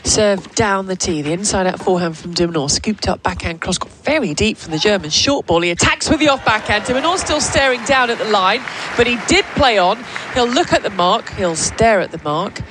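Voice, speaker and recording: A woman calling a tennis match live, giving brisk play-by-play between bouts of teasing banter with her co-commentator. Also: mid-range voice, lively intonation, background noise.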